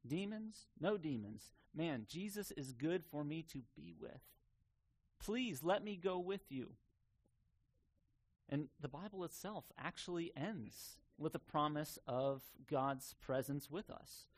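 A man preaching a sermon in an earnest, conversational way, sometimes pausing on fillers. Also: on the high side, lively intonation. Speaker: pastor.

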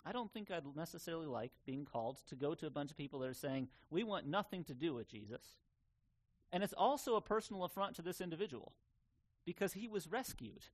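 A man preaching a sermon in an earnest, conversational way, sometimes pausing on fillers. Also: fairly high pitch, lively intonation. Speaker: pastor.

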